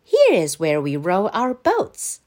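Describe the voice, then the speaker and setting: Lady doing a peppy camp leader in a kids story, lively up and down, slow. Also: mid-range voice, heavily acted. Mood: upbeat. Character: upbeat young woman camp leader.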